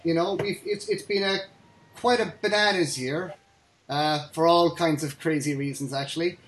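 An excitable Irish man hosts a relaxed podcast chat, talking eagerly and ranting freely. His voice sits a little high, with a faint hiss beneath it. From Ireland. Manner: chatty, excitable, quick to laugh and rant. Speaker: podcast host. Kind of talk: casual chat.

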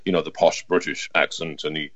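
A man's voice: very deep voice, little pitch movement, fairly quick, dry recording, muffled recording. A man chatting casually and enthusiastically on a podcast, rambling a little. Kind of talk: casual chat.

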